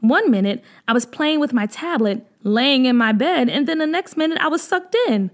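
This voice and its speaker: A woman's voice: sits high, lively intonation, normal speed. A woman voicing a curious young girl who is lost in a magical land and asks timid, wide-eyed questions. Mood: awed.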